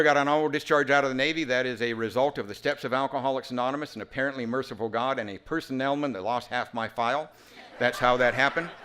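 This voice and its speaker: A man in his fifties giving a humorous, animated personal speech at a recovery reunion. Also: mid-range voice, clear, resonant tone. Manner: animated, humorous, full of sound effects. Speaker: recovery talk speaker.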